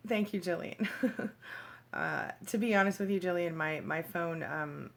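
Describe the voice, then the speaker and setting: A woman's voice: fairly low pitch, creaky. A woman hosting a casual livestream from her phone, chatting with viewers, greeting them by name and reading their comments aloud. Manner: laughs easily, talks in quick bursts. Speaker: livestream host. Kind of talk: casual live chat with viewers.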